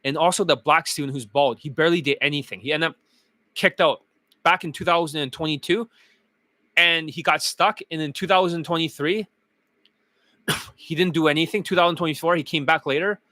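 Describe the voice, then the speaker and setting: A dating coach streaming live, lecturing bluntly and with heavy profanity, his voice getting hoarse. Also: on the high side, a little fast, bright, forceful tone, dry recording. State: losing his voice. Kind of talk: livestream rant.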